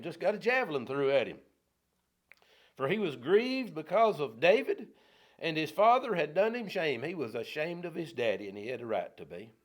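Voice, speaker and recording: Male Bible teacher, folksy, slightly higher voice, flips between reading verses and casual retelling. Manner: folksy, reads scripture then paraphrases in plain talk, rising loud on quotes. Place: church.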